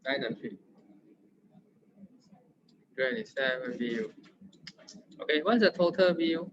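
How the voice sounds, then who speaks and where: A man's voice: medium pitch, expressive, a little slow, background noise. A man with a Singaporean English accent, tutoring math in a casual, playful, teasing way. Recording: dull lo-fi sound.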